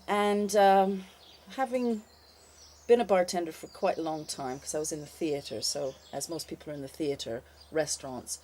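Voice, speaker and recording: An older woman, a former bartender, telling a wry, lively anecdote in a casual spoken style. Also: low-pitched, slight background noise. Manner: lively, animated, wry storytelling with fillers.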